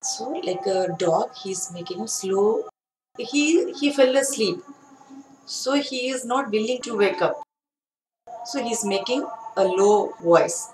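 A woman's voice: mid-range voice, lively intonation, slow pace. Woman teacher reading a story aloud. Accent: Indian English. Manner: reads a passage aloud, then explains it in simple words. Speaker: English teacher. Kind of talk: reading and explaining a story to a class. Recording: echoey room with faint noise.

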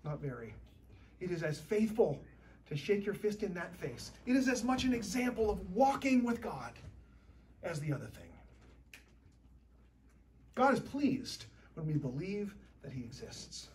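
A woman preaching a sermon in a church, talking in a conversational, lively way with shifting loudness. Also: fairly low pitch, a little slow, long pauses, distant mic, slight background noise.

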